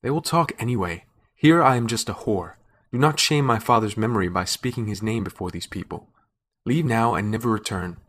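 A man's voice: lowish voice, brisk, a bit bright. A man voicing a weary, proud young woman who speaks sharply and defiantly in a read-aloud story. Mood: bitter.

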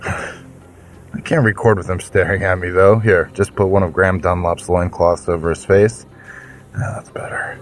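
A man's voice: sits low, steady tone, moderate pace, soft background music. A man hosting a fiction podcast, with a playful, theatrical manner and mock-grand fantasy banter. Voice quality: theatrical, jokey, mock-grand self-introduction. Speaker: podcast host.

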